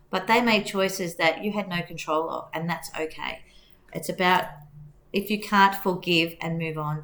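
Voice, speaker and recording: Woman tarot reader, reassuring and meandering, a bit hoarse, recorded in an echoey room. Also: lowish voice. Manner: gentle, reassuring, rambling. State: losing her voice. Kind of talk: tarot reading to camera.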